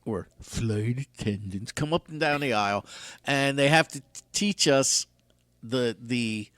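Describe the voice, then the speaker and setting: A man's voice: medium pitch, unhurried, no echo, studio quality. A man in his sixties hosting a radio show, telling a story in casual chat and acting out what others said. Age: 60s. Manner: animated storyteller who acts out other people's lines.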